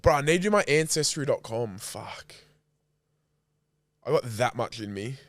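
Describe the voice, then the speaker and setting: A young Australian man in loose podcast banter, mid-pitched and plain-voiced. He jokes crudely and swears often. The sound is dry and close. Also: lively intonation, normal speed, no echo. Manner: crude, joking, swears freely. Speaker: podcast co-host. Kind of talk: casual chat.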